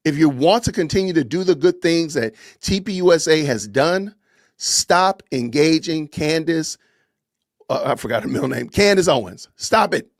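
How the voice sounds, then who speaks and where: A man's voice: on the high side, no room sound, studio quality. A man hosting a podcast, delivering an impassioned, preachy commentary rant with lots of repetition and emphatic commands. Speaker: podcast host.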